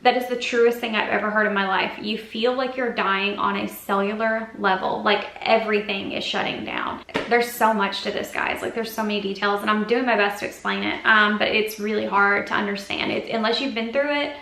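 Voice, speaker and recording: An earnest woman talks straight to her camera, telling a long personal story in a rambling, confessional way. Her voice is bright and forward but stays fairly level in pitch. The sound carries the echo of an indoor room, picked up by the camera's own mic. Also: steady tone, fairly quick, creaky, few pauses, slight background noise. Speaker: vlogger. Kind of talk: personal health update to camera. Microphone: built-in camera mic.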